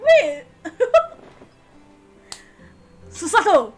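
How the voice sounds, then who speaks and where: A woman's voice: high-pitched, lively intonation, slow, faint music behind. A woman streamer giving live commentary on a game, giggly and sassy, with lots of exclamations.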